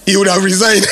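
Recorded live in a hall, this male preacher delivers an emphatic sermon, repeating phrases and drawing responses by having the congregation fill in words. His voice is medium in pitch with vocal fry, and there's slight hiss or hum.

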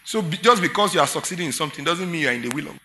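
A man's voice: a little high, lively intonation, rapid-fire, pushed and bright, slight background noise. A Nigerian man preaching a sermon as pastor, emphatic and full of rhetorical questions to his congregation.

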